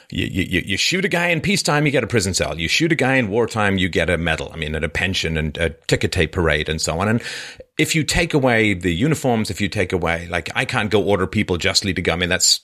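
This is a man hosting a loose, talky book discussion who wanders through his thoughts with restarts and fillers. His voice is bright and forceful, and he grows animated as he goes. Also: sits low. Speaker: podcast host. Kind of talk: casual literary discussion.

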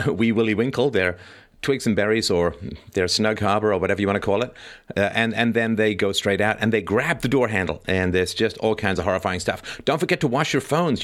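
A middle-aged man hosting a live stream, reading out advice and breaking off into chatty joking asides. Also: lowish voice. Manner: chatty, joking asides between read-out points. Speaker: podcast host.

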